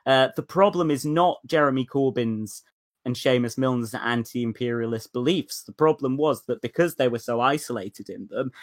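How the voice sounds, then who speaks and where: A man talking through politics in a casual, animated way, sometimes mocking and swearing. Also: medium pitch, dry recording, studio quality.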